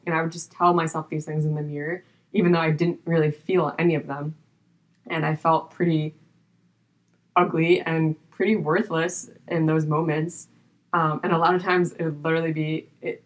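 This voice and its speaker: A young adult woman with a low speaking voice shares a personal story as a podcast guest. She talks in an earnest, open, unguarded way and keeps reaching for "like" between her thoughts. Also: flat delivery, moderate pace. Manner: earnest and open, with frequent "like" fillers.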